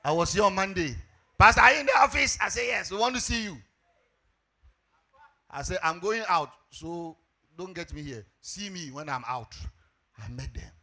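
A high-pitched Ghanaian pastor preaching with wide, swooping intonation and bursts of shouting. His voice is husky and bright, with a gravelly edge. He tells his sermon as an animated story. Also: normal speed, long pauses.

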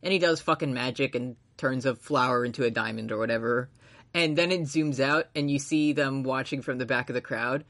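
This casual anime recap features a male co-host with a fairly bright, medium-pitched voice who talks a little fast. Rambling and laughing a lot, he curses without restraint and performs the characters' dialogue.

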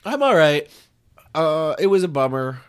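A man's voice: fairly high pitch, sing-song, measured pace, clear, resonant tone. A man co-hosting a casual comedy podcast, laughing often and rambling with restarts. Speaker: podcast co-host.

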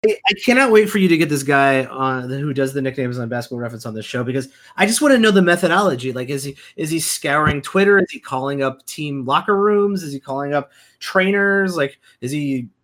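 A man's voice: a little high, animated, fairly quick, few pauses, fairly bright tone. A man co-hosting a fantasy basketball podcast, talking casually and emphatically, repeating his points with plenty of fillers. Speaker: podcast co-host.

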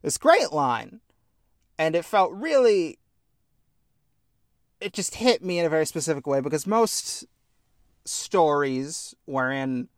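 A man's voice: fairly high pitch, takes it slowly, pauses often, no echo, studio quality. A man casually chatting about a video game on a podcast, earnest and heartfelt, with a self-deprecating sense of humor. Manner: earnest, heartfelt, animated storytelling. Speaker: podcast co-host.

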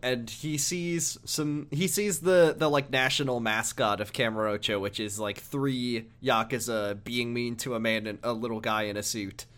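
A man's voice: mid-range voice, fairly even intonation, normal speed, hardly any pauses, a bit bright. A man co-hosting a casual podcast, joking and laughing often, with plenty of fillers. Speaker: podcast co-host.

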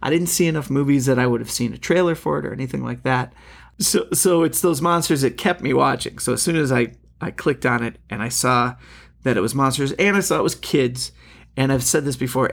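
Gravelly man talking haltingly. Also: medium pitch. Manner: hesitant, halting, trails off. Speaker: podcast co-host. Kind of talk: casual chat about movies.

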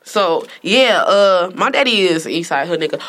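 A woman's voice: fairly low pitch, animated, normal speed, fairly bright tone. A young woman hosting a casual podcast, teasing and laughing through the banter. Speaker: podcast host. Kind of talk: casual chat.

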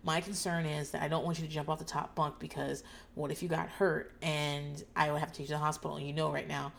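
A woman host talking casually and loudly about a show, profane and animated, acting out people's lines in shouts. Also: sits low, fast, vocal fry. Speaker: podcast host recapping a TV show. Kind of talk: casual chat.

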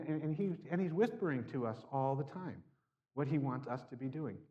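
Man, slightly high voice, sermon, conversational storytelling, restarts sentences. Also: a little mellow, highs cut off. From Seattle area. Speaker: pastor.

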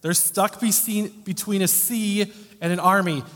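A man preaching a sermon in a conversational, wry way, swinging between loud emphasis and quiet asides. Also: high voice, steady tone, a little slow. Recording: long hall reverb.

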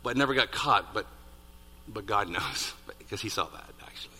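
A man preaching a sermon, building to loud peaks on key points and dropping to hushed asides. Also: on the low side, normal speed, slight background noise. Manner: animated, rising to near-shouts on emphasis, dropping to hushed asides. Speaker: pastor. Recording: reverberant hall.

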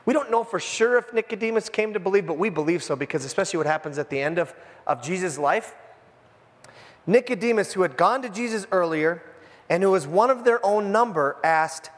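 A man with a notably high voice preaching a casual, animated sermon to his congregation. He talks informally and tosses in jokey asides. A long reverb from the church hall trails each phrase. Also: brisk. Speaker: pastor. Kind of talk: conversational sermon. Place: church sanctuary.

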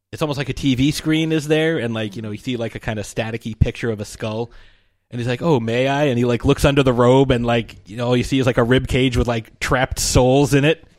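A man's voice: mid-range voice, no echo. A man in casual conversation, recapping a film's plot and acting out its characters' lines. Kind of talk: casual movie discussion.

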